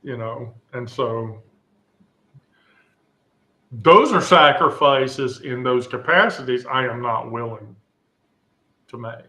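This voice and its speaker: A man in a casual group chat, candid and blunt, often laughing loudly. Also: mid-range voice, takes it slowly, pauses often.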